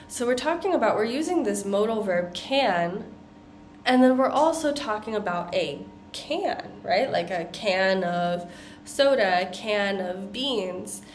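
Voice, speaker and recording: A woman with an American accent teaching pronunciation, modeling tongue twisters slowly and deliberately. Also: medium pitch, expressive, slight background noise. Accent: General American. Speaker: accent coach. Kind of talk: pronunciation lesson.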